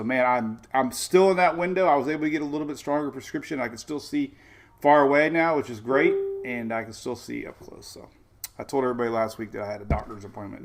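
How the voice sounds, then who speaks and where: Chatty excitable man with a gravelly voice. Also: medium pitch. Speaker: weather show host. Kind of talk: casual live-stream chat.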